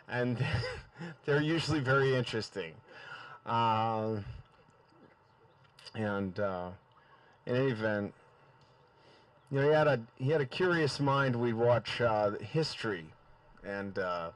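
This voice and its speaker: Brief: man, slow and halting memorial speech, distant from the microphone. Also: medium pitch, dry recording. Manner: hesitant, many fillers and restarts. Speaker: memorial speaker. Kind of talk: halting remembrance. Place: memorial gathering. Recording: far from the mic.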